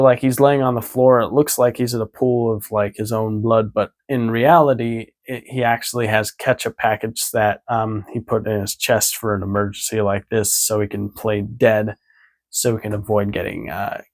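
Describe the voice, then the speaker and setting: A man's voice: lowish voice, fairly even intonation, moderate pace. A man vlogging a casual episode recap, rambling with many fillers.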